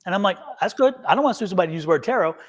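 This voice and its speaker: A man's voice: sits high, racing. A man who reads tarot, chatting casually on a live stream and telling a rambling story, acting out each voice in the conversation. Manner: animated storyteller who acts out both sides of conversations. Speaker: tarot reader and show guest.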